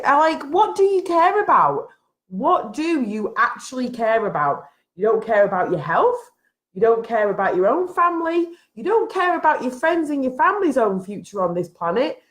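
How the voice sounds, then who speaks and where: A woman vlogger at home giving a frustrated, emphatic rant to camera, repeating her points. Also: sits high. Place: at home, having just got out of bed.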